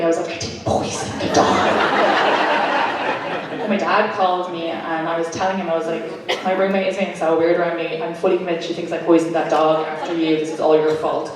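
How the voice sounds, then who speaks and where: A young Irish woman telling a deadpan stand-up anecdote to a live audience. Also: lowish voice. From Ireland. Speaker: stand-up comedian. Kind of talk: stand-up storytelling. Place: comedy venue before a live audience. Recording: echoey room, distant mic, live crowd.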